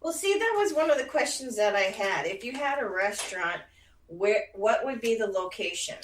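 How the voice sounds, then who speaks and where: A woman guest chatting on a radio show, sounding set back from the microphone in a roomy space. She talks freely and often chimes in with short agreements while the host speaks. The room echo softens her voice. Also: mid-range voice, animated, normal speed, distant mic, a little hiss or hum. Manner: chatty, frequent agreeing interjections. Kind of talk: casual radio chat.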